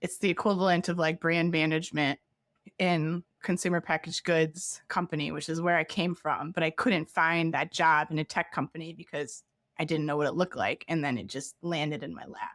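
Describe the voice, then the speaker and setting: A woman's voice: low-pitched, fairly even intonation, moderate pace, a bit bright, no room sound, clean studio sound. A middle-aged woman, a podcast guest, recounting her career candidly in a chatty way, full of "like" fillers and small laughs. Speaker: guest, former head of product. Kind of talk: candid interview storytelling.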